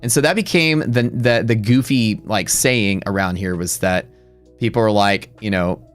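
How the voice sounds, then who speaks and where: A man's voice: fairly low pitch, normal speed, soft background music. A middle-aged man hosting a live day-trading stream, telling a story in a blunt, profane, rambling way with many restarts.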